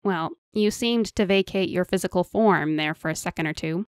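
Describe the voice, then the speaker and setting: A woman's voice: fairly low pitch, normal speed, clear, resonant tone, no room sound, studio quality, close to an everyday voice. A woman voicing a playful, sweet-toothed male enchanter who chatters theatrically in an audiobook. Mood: teasing. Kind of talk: audiobook character voice.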